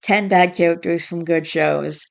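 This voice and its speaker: A woman's voice: lowish voice, steady tone, a little slow, vocal fry. A woman vlogging in a casual chat, stressed and tired, fighting back yawns and restarting her sentences as she rambles.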